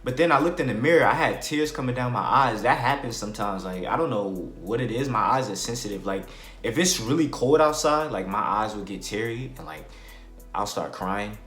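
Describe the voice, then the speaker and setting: A man's voice: mid-range voice, a little fast. A young man telling a personal storytime vlog in casual slang, acting out quotes and sound effects. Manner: animated retelling, acts out quotes and sound effects. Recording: echoey room with faint music.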